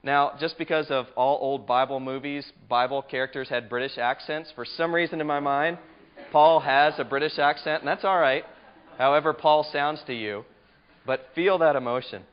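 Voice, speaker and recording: A man's voice: on the high side, moderate pace, clear, resonant tone. Emphatic male Bible study teacher. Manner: conversational, questions the class, emphatic. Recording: muffled lo-fi lecture recording.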